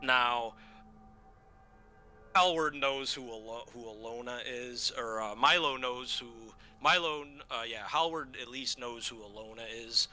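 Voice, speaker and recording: A man running a tabletop game as game master, narrating with many halting pauses and fillers. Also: medium pitch, pushed and bright.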